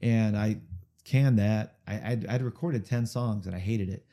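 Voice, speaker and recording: Speaking a little slowly in a lowish, mellow voice, a singer-songwriter guest rambles through a story during a casual interview. He's chatty and keeps checking in with the listener by saying "okay?"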